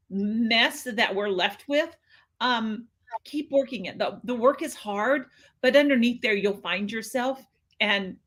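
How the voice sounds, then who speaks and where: A woman's voice: on the high side, a bit bright. A woman in her sixties, a podcast guest, telling her own story in a candid, earnest way with frequent restarts. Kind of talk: personal storytelling.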